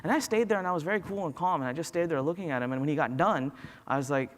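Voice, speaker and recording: A man with a fairly high voice gives a motivational talk from a stage. He tells personal stories in an animated way and acts out the dialogue. His voice rings with the long reverb of a big hall. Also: racing. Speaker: motivational business speaker.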